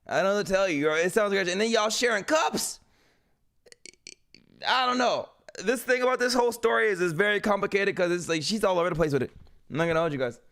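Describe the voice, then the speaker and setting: A young male streamer reacts to a clip in rambling, casual commentary. His voice sits high for a man, and he repeats lines and lets them fade. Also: fast, vocal fry, fairly bright tone. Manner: loose, repetitive, trailing off into mumbles. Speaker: streamer host.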